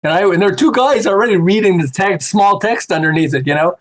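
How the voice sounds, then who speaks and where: Animated man telling stories, slightly high voice. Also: fast talker. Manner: animated, acts out quoted voices with laughs. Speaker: podcast guest, author. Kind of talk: casual storytelling chat.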